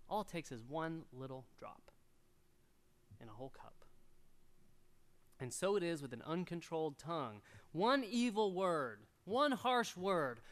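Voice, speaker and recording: A middle-aged man preaching a sermon, animated and storytelling, acting out little voices as he goes. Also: sits high. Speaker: pastor.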